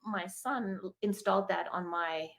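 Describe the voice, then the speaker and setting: A woman's voice: mid-range voice, normal speed, creaky. A middle-aged woman from Germany with a German accent, a guest talking frankly in casual chat, often restarting her sentences. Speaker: podcast guest.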